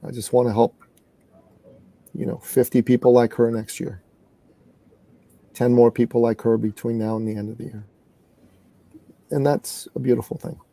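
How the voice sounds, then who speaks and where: A middle-aged man from Canada telling a story in an interview as a guest business coach, earnest and animated. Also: medium pitch, moderate pace, gravelly, long pauses, dry recording.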